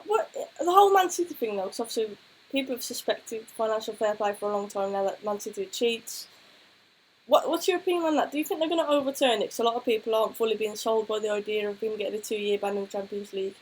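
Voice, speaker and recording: A woman's voice: fairly high pitch, fast, breathy edge, poor audio. A young woman, co-hosting a casual football chat and reading out viewer questions. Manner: chatty, reads out viewer questions. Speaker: co-host.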